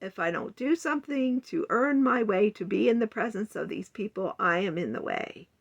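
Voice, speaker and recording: A woman's voice: medium pitch, lively intonation, moderate pace, vocal fry, slightly rough, highs cut off. A woman in her sixties talking earnestly in a rambling, heartfelt personal vlog monologue. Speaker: vlogger.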